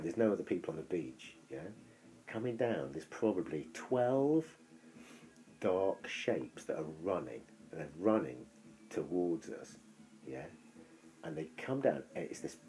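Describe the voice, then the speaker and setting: A man with a very low, deep voice tells a long story in loose, casual chat. He rambles and backtracks, and he swears freely as he goes. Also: mellow.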